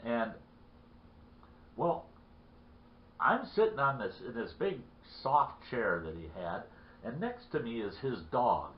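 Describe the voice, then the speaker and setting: A man spins a folksy tale in a rambling way, circling back and repeating himself as he goes. His voice sits at an ordinary middle pitch. The sound is roomy and somewhat dull, like a lo-fi recording. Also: sing-song, slow, pauses often, a little hiss or hum. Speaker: storyteller. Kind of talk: folksy spoken storytelling.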